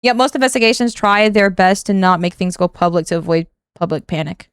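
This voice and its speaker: A woman's voice: mid-range voice, brisk, clean tone, no room sound, clean studio sound. A young woman streaming a casual reaction commentary, exasperated and rambling, swearing often and breaking into laughs.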